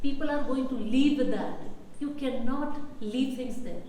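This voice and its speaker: A woman's voice: sits high, measured pace, a little hiss or hum. A woman from India leading a public speaking workshop, often putting questions to the audience. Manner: questions the audience, lively teaching delivery. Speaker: workshop presenter. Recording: echoey hall with faint ambience.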